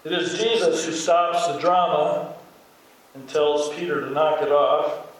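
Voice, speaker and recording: A man's voice: a little high, steady tone, measured pace. An older man with a Midwestern American accent, preaching a sermon as a pastor in a conversational storytelling way, acting out the lines he quotes. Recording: very echoey hall, voice from far off.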